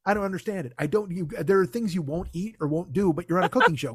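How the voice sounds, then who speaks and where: A man's voice: high-pitched, fast talker, hardly any pauses, breathy edge, no echo, clean studio sound. A man hosting a podcast, ranting in a casual, comic, profane and exasperated way. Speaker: podcast host. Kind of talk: casual comedic rant.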